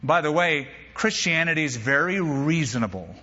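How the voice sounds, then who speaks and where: A male pastor preaching a sermon, an animated storyteller who drops humorous asides. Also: a little high, normal speed, breathy edge, big-room sound, lo-fi sound.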